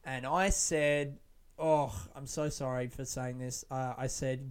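A man's voice: mid-range voice, fairly even intonation, slow pace, clean tone. A young adult man, a comedian, talking frankly in a casual monologue, swearing freely and rambling with restarts. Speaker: stand-up comedian.

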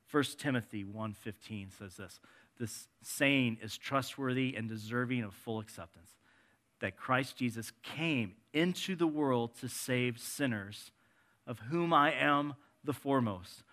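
A man preaching a sermon in a conversational way, moving between soft and emphatic delivery and reading scripture passages aloud. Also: mid-range voice, measured pace.

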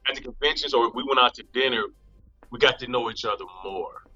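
Fast and husky at a medium pitch, the interviewed actor tells animated, casual stories from a shoot, voicing quotes and laughing frequently. The recording is dry, with the highs cut off.

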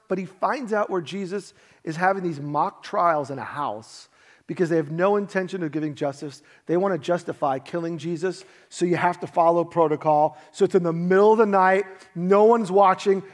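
A male pastor delivers a sermon with a fairly high voice that leaps all over its range. He tells stories with lively energy and acts out the people he quotes. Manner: animated storytelling, acting out quotes.

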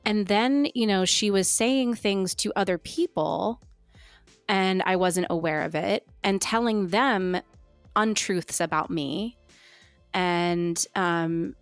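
A woman's voice: medium pitch, slow, smooth, no room sound, faint music behind. A woman co-hosting a podcast, telling a personal story candidly in casual chat and quoting what others said. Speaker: podcast co-host sharing her story.

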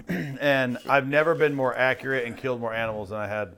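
A man hosts a casual podcast chat and tells a long hunting story. He talks at an ordinary mid pitch and puts on his own lines as he recalls them, with the easy pace of friends talking. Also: fairly even intonation, a little fast, gravelly, fairly bright tone, a little hiss or hum. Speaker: podcast host.

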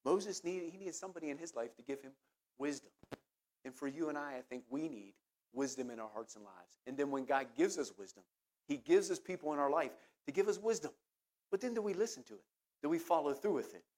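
A man's voice: on the high side, lively intonation, fairly quick, darkish tone. A middle-aged man preaching a sermon, earnest, often repeating words as he searches for what to say next. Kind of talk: sermon with personal anecdote.

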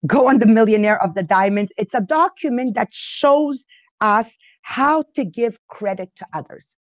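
A woman's voice: on the high side, no echo, dull audio. A woman hosting a podcast, teaching in a casual way and often stopping to restart her sentences. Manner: halting, restarts often, unsure of pronunciation. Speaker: podcast host leading a reading group.

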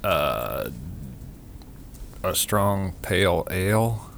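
A man's voice: deep voice, sing-song, very slow, vocal fry, fairly bright tone, slight background noise. A man in casual chat, easygoing and often puzzled, asking questions about beer.

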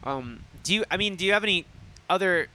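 A man's voice: high-pitched, animated, a little fast, sharp tone, slight background noise. A man co-hosting a film podcast, talking in a rambling, casual way and swearing freely. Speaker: podcast co-host. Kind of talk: casual chat.

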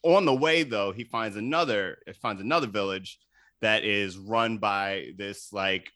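Casting note: male podcast host, bright and forceful voice, loose and profane, laughs a lot, dry close sound. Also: lowish voice, unhurried, no room sound. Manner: loose, profane, laughs often, acts out quotes. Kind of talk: casual chat, recapping a movie.

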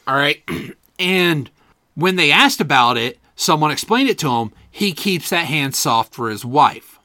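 A man co-hosting a podcast, telling stories in animated, casual, profane banter. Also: on the high side, no echo, studio quality. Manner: animated storyteller, swearing, laughing often. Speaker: podcast co-host.

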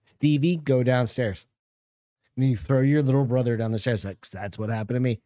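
A man's voice: medium pitch, fast talker, mellow, no room sound, studio quality. A middle-aged man from New Hampshire co-hosting a comedy podcast, chatting loosely with plenty of swearing and jokes. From New Hampshire, USA. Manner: profane, loose and joking. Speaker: podcast co-host. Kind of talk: casual comedy podcast chat.

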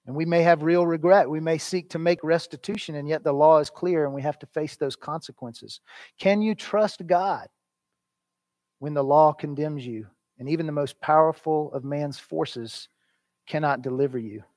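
A man with a slightly high voice preaches an earnest sermon. He swings from loud, stressed phrases down to hushed lines. The sound is dry and close, with no room echo. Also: moderate pace. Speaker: pastor.

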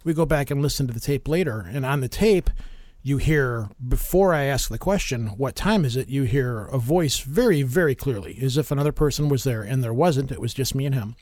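A man hosting a casual interview, telling stories in an animated way and laughing often. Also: medium pitch, fairly quick, dry recording, clean studio sound. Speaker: podcast host.

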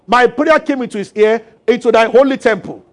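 A man preaching a sermon as pastor, animated and acting out voices. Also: extremely high pitch, a little fast. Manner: animated, acts out voices and laughs with the congregation.

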